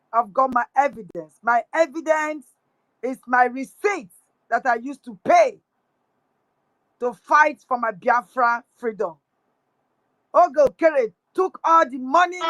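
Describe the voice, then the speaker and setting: A woman's voice: high-pitched, fairly bright tone, no room sound, rough recording. A woman with a Nigerian accent mixing in pidgin, angrily accusing someone in a live audio room. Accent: Nigerian English with pidgin. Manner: angry, accusing, repetitive. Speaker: speaker on a live audio space.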